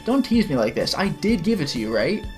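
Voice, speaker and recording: A shrill, whiny grown man pleads and nags as if he might burst into tears at any moment, voiced by a streamer reading a visual novel aloud. His pitch jumps all over the place, and faint music plays under the voice. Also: sing-song, a little fast, natural voice. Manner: pleading, high-pitched and loud.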